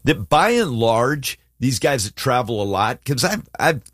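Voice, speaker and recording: A man co-hosting a faith talk show, his voice rising and falling in a lively way as he acts out quotes. The sound is close and dry, with no room around it. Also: a little slow, no echo. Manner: animated, acts out quotes with swings in pitch. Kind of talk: casual Bible discussion.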